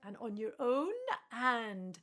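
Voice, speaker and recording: A woman with a Scottish accent leading a call-and-response singing lesson, encouraging and speaking slowly and clearly between sung phrases. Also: on the high side, loud music behind the voice. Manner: encouraging, slow and clear, sings sung examples. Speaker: music teacher.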